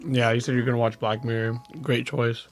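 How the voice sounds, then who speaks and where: Podcast guy, average pitch, quick dry comments, faint music under. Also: level tone. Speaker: podcast co-host. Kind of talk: casual chat.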